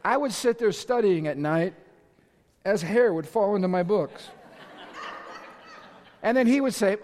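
A male pastor preaching a sermon to a congregation, energetic and emphatic, with sudden shouts and playful asides. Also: high voice, normal speed, pauses often, in a large hall. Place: church auditorium with congregation.

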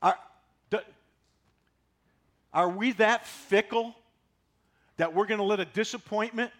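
A man in his sixties preaching a sermon, folksy and animated, driving points home with repetition. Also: sits high, unhurried. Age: 60s. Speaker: pastor.

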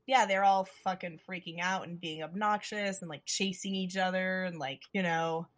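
Woman doing a movie recap, lively and sweary, acts out the characters' lines. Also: lowish voice, normal speed. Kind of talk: casual chat recapping a movie.

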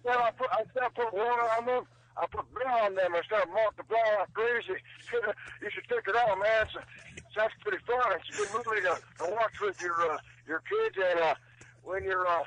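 A man's voice: sits high, normal speed, a bit bright, highs cut off. A man doing an impression of a tough-guy wrestling star, calling in by phone with a brash, teasing drawl. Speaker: caller. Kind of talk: prank phone call impression.

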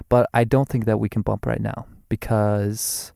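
A man's voice: lowish voice, moderate pace, vocal fry, mellow, no room sound, faint music behind. A man hosting his own show, talking nonstop in a loose, self-amused stream of consciousness and swearing freely. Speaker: podcast host. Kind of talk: improvised rambling monologue.

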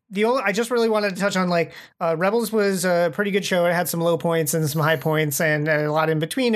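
A man chatting as a podcast guest, rambling and enthusiastic, often acting out what people said. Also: high voice. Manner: rambling, enthusiastic, acts out quoted speech. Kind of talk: casual chat.

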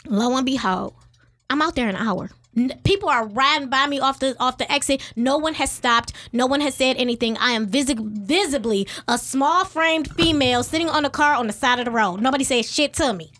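A woman with a high voice tells a story in a casual talk show. She is animated and emphatic, swears freely, and keeps coming back to upbeat affirmations and mantras. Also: fairly quick. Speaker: podcast host.

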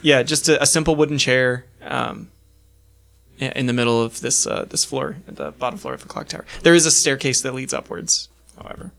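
A man narrating a tabletop role-playing game as game master, with a relaxed storytelling manner and plenty of fillers. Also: mid-range voice, brisk, creaky.

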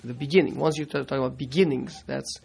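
A man teaching a Torah class, halting and repeating words, mixing Hebrew terms into his English. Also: medium pitch, fairly even intonation, creaky, darkish tone, breathy edge.

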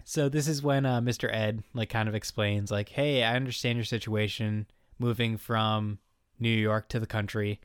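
A man's voice: lowish voice, steady tone, moderate pace, clean tone, no room sound, clean studio sound. A man co-hosting a casual comedy podcast, recapping an episode in a joking, laid-back way.

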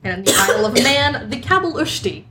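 Woman, podcast co-host, giggly, fairly high voice, noisy recording. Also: lively intonation, brisk, sharp tone. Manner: giggly, presents folklore facts. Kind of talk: casual podcast chat.

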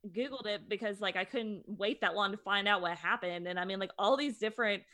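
A woman's voice: mid-range voice, brisk, no echo. A young woman co-hosting a podcast, casually and bluntly gossiping. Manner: gossipy, blunt, animated storytelling. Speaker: podcast co-host. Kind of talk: casual chat.

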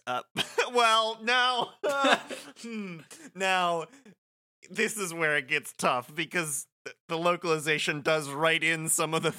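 A man co-hosting a loose, casual chat. He jokes and laughs a lot. His voice is bright and sits a little high. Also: dry recording, clean studio sound. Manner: joking, laughs often. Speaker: podcast co-host.

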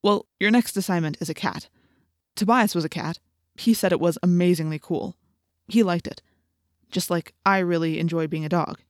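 An earnest, friendly teenage boy , as a woman narrator reads him, talks in a low, confiding tone. The voice sits fairly low and sounds close and dry. It is an audiobook reading. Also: normal speed, no room sound, natural voice. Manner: quiet, confiding.

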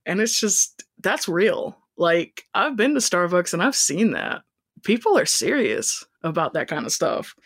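A woman's voice: fairly low pitch, sing-song, fairly bright tone. A woman co-hosting a casual chat, giggly and joking while reviewing a book. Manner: giggly, quick to laugh, jokey. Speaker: podcast co-host.

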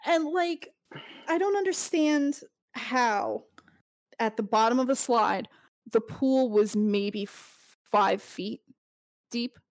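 A woman's voice: a little high, slow pace, long pauses, no echo, rough recording. A woman podcast host in casual chat, telling a story in a rambling way with many restarts.

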